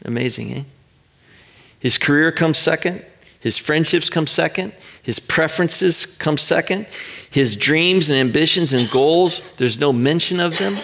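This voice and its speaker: A middle-aged man preaching, his slightly high voice worn with a gravelly fry. He speaks earnestly, slowing down and pausing so each point lands. Steady, plain sermon delivery. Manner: earnest, emphatic, drawn-out pauses for emphasis. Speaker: pastor.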